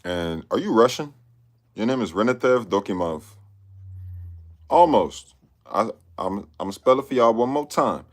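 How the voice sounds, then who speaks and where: Deep-voiced laid-back man vlogging. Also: lively intonation, normal speed, pauses often. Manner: laid-back, rambling, slangy, repeats himself. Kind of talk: casual chat.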